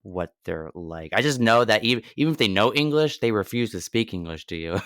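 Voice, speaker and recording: Low, smooth-voiced male co-host. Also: lively intonation, a little fast, fairly bright tone, dry recording, studio quality. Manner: hesitant, laughing easily. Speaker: podcast co-host. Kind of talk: casual chat.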